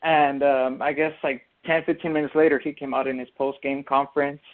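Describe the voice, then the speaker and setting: A man's voice: mid-range voice, level tone, fairly quick. A man co-hosting a casual sports podcast, explaining his take at length with lots of fillers and restarts. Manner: rambling, filler-heavy explaining. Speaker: podcast co-host. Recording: tinny phone-like audio.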